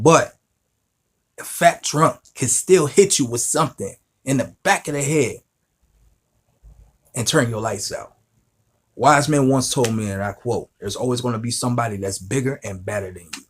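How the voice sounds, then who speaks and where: A man hosting a reaction video, giving casual, slangy commentary and speaking straight to his viewers. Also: fairly low pitch. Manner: slangy and emphatic, addresses viewers directly.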